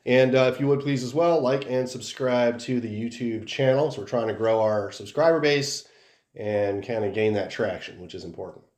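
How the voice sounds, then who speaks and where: A man's voice: medium pitch, moderate pace, a little mellow. A man hosting a podcast in casual chat, rambling with many fillers. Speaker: podcast host. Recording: roomy echo.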